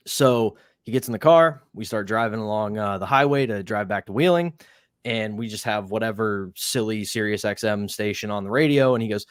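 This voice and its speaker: A young man co-hosting a podcast, telling an animated anecdote in a casual chat and acting out the quoted voices. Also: fairly low pitch, a little fast, no echo, studio quality. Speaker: podcast co-host.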